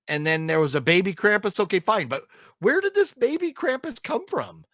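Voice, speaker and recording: A man's voice: high-pitched, big pitch swings, normal speed, bright, forceful tone, dry recording, clean studio sound. A man co-hosting a casual film review chat, rambling with lots of fillers and restarts and griping emphatically. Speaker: co-host reviewing films.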